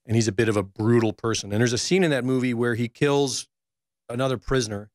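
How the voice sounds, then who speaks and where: A man, a reporter, talking in a measured, hesitant way during a casual political chat. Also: mid-range voice, no echo, clean studio sound.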